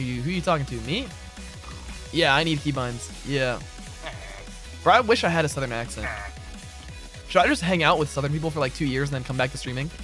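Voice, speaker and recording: A man's voice: mid-range voice, brisk, pauses often, a bit bright. A man streaming a game live, chatting casually and reading out and answering his chat. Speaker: gaming streamer. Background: game music and keyboard typing.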